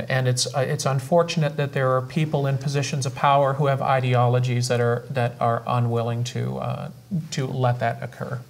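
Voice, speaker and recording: Measured man co-hosting a news show. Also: mid-range voice. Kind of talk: scripted news reading and discussion.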